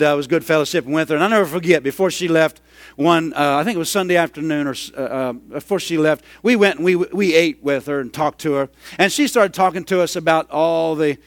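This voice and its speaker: A middle-aged man preaching a sermon, telling a story and rising into loud, excited hollering. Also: fairly high pitch, dry recording. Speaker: pastor.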